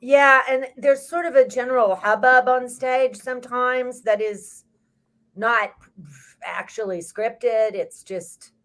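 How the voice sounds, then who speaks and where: A woman's voice: on the high side, slow pace, fairly bright tone. An older woman with a Texas accent, a stage actress telling rambling stories in a casual chat. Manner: chatty, rambling storyteller.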